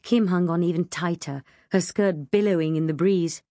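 A woman reading a first-person story aloud in an expressive, wry way. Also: on the low side, moderate pace, no echo, studio quality. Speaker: audiobook narrator. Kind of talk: first-person audiobook narration.

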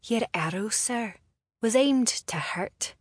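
Woman doing a soft breathy sister, loyal, slow, dry sound. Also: on the high side, animated, no room sound, voice pushed up, heavily acted. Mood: protective. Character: loyal pretty elder sister, young woman.

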